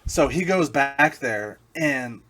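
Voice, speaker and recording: A man's voice: medium pitch, animated, slow, bright, forceful tone. A man co-hosting a podcast, chatting casually with crude, joking asides. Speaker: podcast co-host. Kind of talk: casual storytelling chat.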